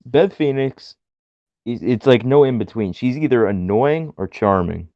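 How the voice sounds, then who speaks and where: Young male co-host, giggly, animated, dull dry recording. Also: medium pitch, a little slow, no echo. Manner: giggly, acts out quotes in silly voices. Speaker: podcast co-host. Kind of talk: casual chat.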